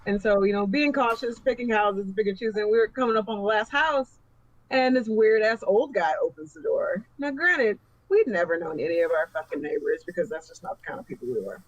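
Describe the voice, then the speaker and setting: A woman's voice: mid-range voice, sing-song, a little fast, no echo, dull audio. A woman, chatting casually as a podcast co-host and telling blunt, profane stories. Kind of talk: casual chat.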